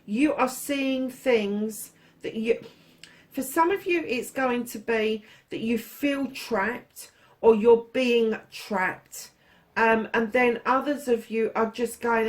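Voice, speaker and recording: A woman's voice: fairly high pitch, takes it slowly. A woman giving a casual tarot reading to her viewers, blunt and frank, swearing freely and calling listeners darling. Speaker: tarot reader.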